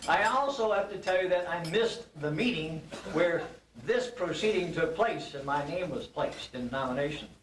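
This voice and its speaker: A man's voice: on the high side, lively intonation, normal speed, noisy background. An older man giving an acceptance speech at a banquet, telling a folksy animal joke in a storytelling manner. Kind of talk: after-dinner speech with a told joke. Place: banquet hall. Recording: roomy hall recording from a distance.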